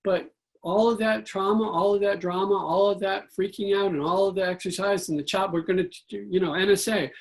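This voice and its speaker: A man giving a spiritual talk about money, telling stories with animated acted-out quotes. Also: high voice, fairly quick. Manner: animated storyteller, acts out quotes. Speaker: guest speaker.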